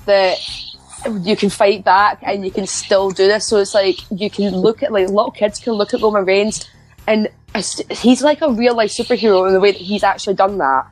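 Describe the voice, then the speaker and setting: A woman's voice: mid-range voice, fairly even intonation, moderate pace, poor audio. A woman co-hosting a podcast, chatting casually and rambling with many restarts. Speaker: podcast co-host. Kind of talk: casual wrestling chat.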